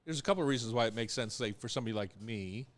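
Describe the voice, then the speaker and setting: A man's voice: medium pitch, animated, rapid-fire. A man hosting a live radio show in a studio, chatting casually and rambling with fillers. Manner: rambling, easygoing, with many fillers.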